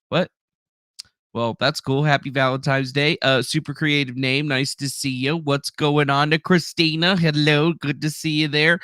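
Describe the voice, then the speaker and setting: A man's voice: on the high side, fairly even intonation, a little slow, pushed and bright, clear, resonant tone, dry recording, clean studio sound. A man hosting a live stream in a loose, rambling way, swearing and reading out viewers' names from the chat. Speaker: livestream host.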